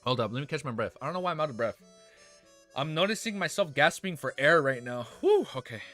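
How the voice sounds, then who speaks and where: Young male streamer, reads a novel aloud and keeps jumping in with excited reactions, bright voice, faint music in the background. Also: on the high side, quick pace. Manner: excitable, breaks off reading to react.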